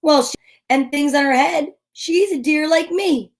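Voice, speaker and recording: A woman's voice: sits high, measured pace, voice pushed up. A woman voicing a teasing, cheerful male deer in a storybook reading.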